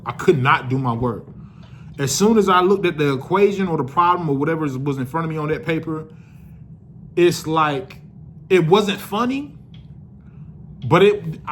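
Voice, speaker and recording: With slight background noise behind him, a young adult vlogger casually recounts a story to viewers in loose slang, cursing freely. His voice rises sharply when he's excited and sinks low in reflective moments.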